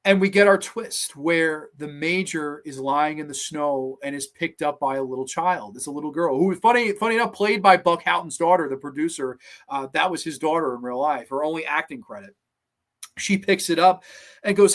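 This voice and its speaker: Animated man hosting a podcast. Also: fairly high pitch, normal speed. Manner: enthusiastic, animated retelling with many asides. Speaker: podcast host. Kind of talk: casual review commentary.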